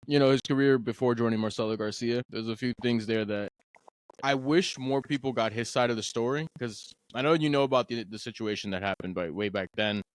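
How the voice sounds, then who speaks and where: A man hosting a podcast in casual conversation, telling stories with lively acted-out quotes. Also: mid-range voice, fairly quick, no room sound, low-quality recording. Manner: animated storyteller, acts out quoted voices. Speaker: podcast host.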